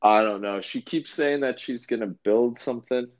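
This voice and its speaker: A man's voice: medium pitch, moderate pace, highs cut off. A man co-hosting a podcast in casual chat, rambling and laid-back with lots of fillers and restarts. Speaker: podcast co-host.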